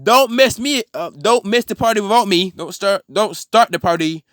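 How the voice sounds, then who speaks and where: A man puts on a cruel, manic symbiote monster who yells his taunts in a high, strained voice. He sounds gleeful and mocking, and the recording is dry and close. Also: expressive, normal speed, no room sound. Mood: taunting.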